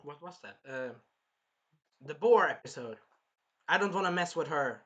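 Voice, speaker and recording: Bright-voiced man rambling through a review. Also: on the high side, lively intonation, moderate pace, muffled recording. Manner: rambling, swears freely, jumps into character quotes. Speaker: anime reviewer. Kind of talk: casual review vlog.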